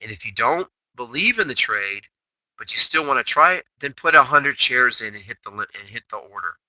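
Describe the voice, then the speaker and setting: A man's voice: mid-range voice, animated, brisk, bright, forceful tone, no room sound, poor audio. A man hosting a day-trading chatroom recap, talking brashly and emphatically with lots of rhetorical questions. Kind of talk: recorded trading session recap.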